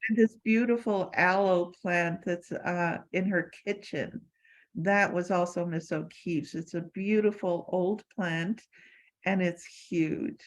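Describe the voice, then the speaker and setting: A woman's voice: on the low side, fairly even intonation, takes it slowly, low-quality recording. Older woman telling fond anecdotes. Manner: warm anecdotal, many fillers and restarts. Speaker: former assistant sharing memories. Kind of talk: lecture Q&A storytelling.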